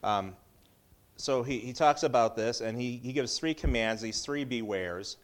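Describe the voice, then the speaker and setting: A man's voice: medium pitch, unhurried. A middle-aged man giving a casual Bible teaching in a conversational way, with joking asides and frequent restarts.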